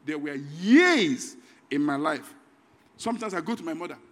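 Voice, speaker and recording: A middle-aged man with a Nigerian accent preaching a sermon in a church, dropping to quiet asides and then shouting out his points. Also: on the high side, moderate pace. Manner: animated preaching, swings between quiet asides and shouted emphasis. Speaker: pastor. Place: church hall. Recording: long hall reverb in a church.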